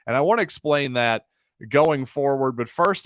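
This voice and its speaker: A man's voice: medium pitch, animated, normal speed, a bit bright, no echo, studio quality. Chatty man hosting a sports podcast. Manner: conversational, wry and sarcastic asides. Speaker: podcast host. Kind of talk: solo sports podcast commentary.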